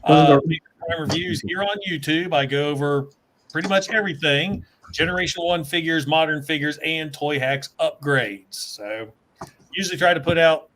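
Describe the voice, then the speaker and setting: A man's voice: fairly high pitch, a bit bright. A man talking eagerly as a guest on a livestream panel over a video call. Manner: eager, enthusiastic.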